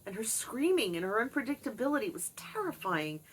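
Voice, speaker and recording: A woman's voice: on the high side, big pitch swings, fairly quick, breathy edge. A middle-aged woman talking candidly to camera about her childhood and her pets, reflective and confiding. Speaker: vlogger. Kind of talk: candid personal monologue.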